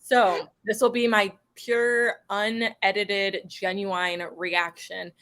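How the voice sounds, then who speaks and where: A woman co-hosting a podcast livestream, animated and quick to react with small affirmations. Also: mid-range voice, dry recording. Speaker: podcast co-host. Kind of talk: casual livestream chat.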